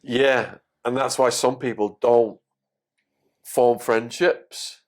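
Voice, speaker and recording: A man telling his story as a podcast guest, animated and swearing freely. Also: medium pitch, takes it slowly.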